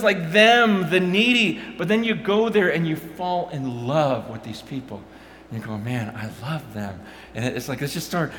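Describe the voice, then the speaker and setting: A middle-aged man giving a passionate Christian testimony, stumbling over restarts and swinging from loud bursts to hushed murmurs. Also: sits high. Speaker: Christian speaker. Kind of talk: personal testimony talk. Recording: long hall reverb, faint noise.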